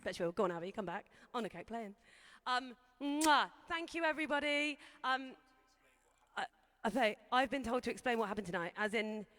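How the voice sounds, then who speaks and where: A woman's voice: on the high side, lively intonation, brisk, fairly bright tone, long reverb tail. A woman in a band talking nervously and ramblingly to an audience after a live set. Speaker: band member. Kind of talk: casual stage talk to a streamed audience.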